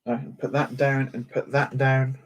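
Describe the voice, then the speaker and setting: A man's voice: mid-range voice, level tone, moderate pace, a little hiss or hum. A man chatting casually on a livestream while building a toy set, joking and poking fun at himself. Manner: chatty, joking, self-mocking.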